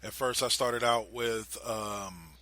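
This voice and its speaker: A young man co-hosting a podcast, retelling a TV scene in casual, animated chat and swearing freely. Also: fairly low pitch, slow. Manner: animated storyteller, swears freely, drops into quoted voices. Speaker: podcast co-host.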